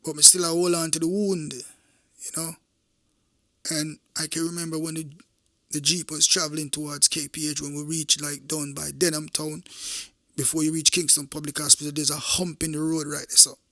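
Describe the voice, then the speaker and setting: A man's voice: fairly high pitch, little pitch movement, normal speed, pushed and bright, dry recording, clean studio sound. A middle-aged Jamaican man, a former police officer, recounting a true event in an intense, emphatic way, repeating phrases and speaking straight to his listeners.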